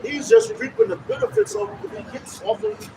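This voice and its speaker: A man preaching on the street in an emphatic, profane, animated way. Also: extremely high pitch, normal speed. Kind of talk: casual religious discussion. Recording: outdoor street recording from a distance with traffic noise.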